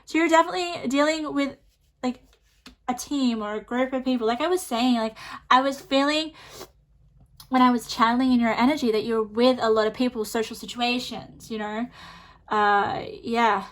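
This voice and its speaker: A woman's voice: fairly high pitch, moderate pace. Chatty, reassuring woman tarot reader. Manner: chatty, reassuring, many fillers like "like" and "um". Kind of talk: pick-a-card tarot reading to camera.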